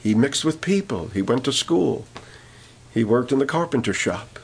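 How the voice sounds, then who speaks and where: A man's voice: medium pitch, lively intonation, normal speed, slight background noise. A man preaching a sermon, telling a story with many fillers and restarts, then rising to emphatic points.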